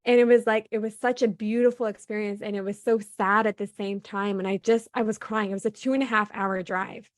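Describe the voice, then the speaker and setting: A woman's voice: medium pitch, a little fast, hardly any pauses, no echo, clean studio sound. A woman, a guest in an interview, telling her personal story with animation and acting out what she and others said. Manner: animated, often acts out her own past dialogue; laughs between phrases.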